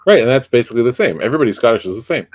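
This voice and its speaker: Lively teasing male stream host. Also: mid-range voice, very fast, no echo. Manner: teasing, reads out viewer comments in silly voices. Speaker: livestream host. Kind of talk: joking live chat.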